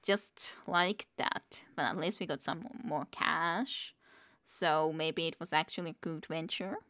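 A woman's voice: low-pitched, fairly even intonation, a little slow, sharp tone. A woman streamer reading a book aloud, with wry, chatty asides.

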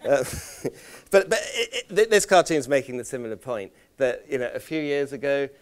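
A man leading a conference workshop, talking in a halting way with repeated words and self-deprecating stories. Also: medium pitch, clear, resonant tone. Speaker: workshop presenter. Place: conference room.

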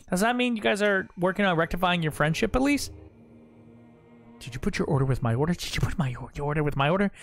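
Animated, goofy male game streamer. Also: sits high, normal speed. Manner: goofy, talks to himself and chat. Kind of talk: live gameplay commentary.

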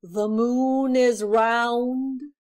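A grand, mysterious magic lizard from a storybook, voiced by a woman, speaking very slowly and solemnly. The words are loud, measured and drawn out like a spell. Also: on the high side, steady tone.

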